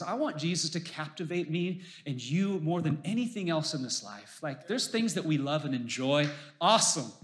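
Male pastor, emphatic sermon delivery, fairly high voice, echoey sanctuary. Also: fairly bright tone. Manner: emphatic preaching with rising exhortations.

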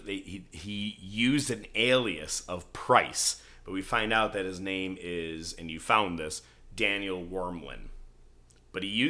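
A man's voice: deep voice, sharp tone. A male podcast host chatting casually, animatedly retelling scenes and acting out quoted lines. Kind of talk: casual chat recapping a TV show.

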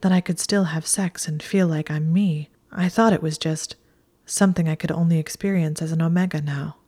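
A woman's voice: deep voice, fairly even intonation, moderate pace, dark tone. A woman voicing a clever, flustered young witch, speaking anxiously and earnestly in whispered role-play.

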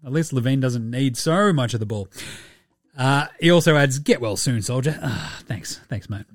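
A man's voice: mid-range voice, expressive, normal speed, no echo, studio quality. An Australian man hosting a sports podcast in casual chat. He is laid-back and slangy, and he swears freely. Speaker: podcast host.

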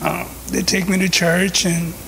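A man giving thanks in a halting, hesitant way, repeating himself as he searches for words. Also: high voice, level tone, a bit bright, a little hiss or hum. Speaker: church member giving thanks. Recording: distant hall reverb with faint ambience.

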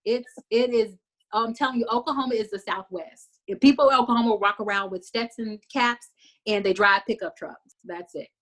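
A woman from Texas hosting a podcast, retelling TV scenes in an animated, casual way full of fillers. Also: on the high side, normal speed. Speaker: podcast host recapping a TV show. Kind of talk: casual chat.

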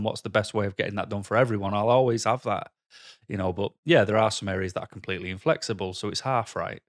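Man vlogging, lowish voice, dry close sound; candid, halting, worked up. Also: dry recording. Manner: candid, halting, heavy with "you know" fillers; frustrated, heated. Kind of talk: personal storytelling to camera.

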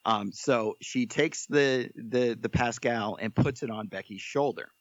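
A man of middling pitch tells a story in a casual, joking, animated way. The sound is dry and a bit dull. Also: unhurried, dry recording. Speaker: podcast guest.

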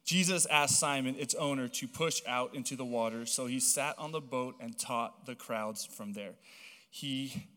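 A man's voice: mid-range voice, measured pace. Young man preaching in a big hall. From Hawaii. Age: young adult. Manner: chatty, animated storytelling full of "like" fillers. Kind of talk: casual storytelling sermon. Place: church auditorium. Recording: long reverb of a large hall.

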